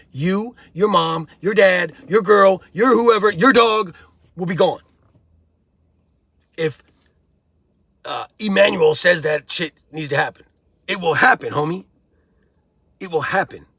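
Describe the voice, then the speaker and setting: A man with a high, gravelly voice, husky at the edges, delivering blunt streetwise commentary. He lectures the viewer like a friend, with lots of "bro" and "homie". The sound is close and dry. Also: fairly bright tone, no room sound. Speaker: host of a prison-life commentary channel. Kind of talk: casual commentary vlog.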